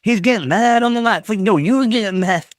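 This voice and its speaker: A man's voice: high voice, a little fast, no echo, clean studio sound. A man chatting on a live stream, reading his chat aloud and trading jokey teasing banter with the viewers. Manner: reads chat messages aloud and reacts.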